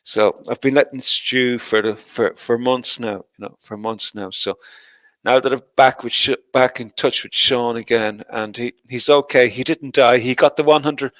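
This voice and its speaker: A man's voice: medium pitch, steady tone, moderate pace, a bit bright, no room sound. A middle-aged man hosts a loose, casual livestream and talks straight to the people in his chat. He swears freely and laughs often as he rambles. His voice sits in an ordinary middle register and sounds dry and close to the mic. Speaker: livestream host.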